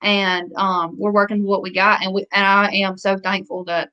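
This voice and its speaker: A woman's voice: mid-range voice, flat delivery, normal speed, bright, forceful tone, lo-fi sound. A young woman from Louisiana with a Southern accent, a country singer chatting as a guest in an interview in a folksy, thankful way. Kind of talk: casual interview chat.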